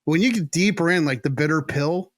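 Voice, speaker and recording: A man's voice: fairly high pitch, brisk, no room sound, studio quality. A man from New Jersey who hosts a radio show and tells stories with enthusiasm. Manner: enthusiastic storyteller, talks over others. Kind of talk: casual chat.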